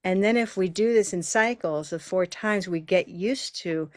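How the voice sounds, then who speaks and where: A woman's voice: on the low side, normal speed, no room sound, clean studio sound. A woman hosting a live online pronunciation lesson, patiently drilling words in counted rhythmic beats over a video call. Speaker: pronunciation teacher and host.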